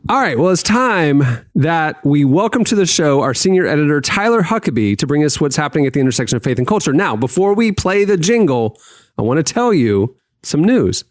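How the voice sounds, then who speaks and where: A man's voice: a little high, very animated, fairly quick, no room sound, clean studio sound. A man hosting a podcast, reading an ad and chatting in an upbeat, conversational way. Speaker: podcast host. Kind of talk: casual chat and ad read.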